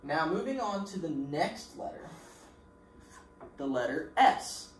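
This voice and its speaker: A man talks to preschoolers in a slow, sing-song teacher voice, his pitch rising and falling widely as he encourages them. He pauses often to let the children answer. The recording has a roomy echo and faint noise underneath. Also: big pitch swings. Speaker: pre-K teacher. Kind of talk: recorded remote lesson for young children.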